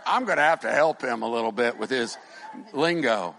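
A middle-aged male pastor preaching a sermon, animated, swinging from shouted lines to quiet asides and joking with the congregation. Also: a little high, moderate pace. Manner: jokes with the congregation.

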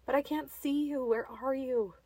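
A woman's voice: high voice, steady tone, normal speed, a little mellow, no echo, voice pushed up. A woman voicing a frightened young woman lost in a snowy ravine, calling out and pleading. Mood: anxious.

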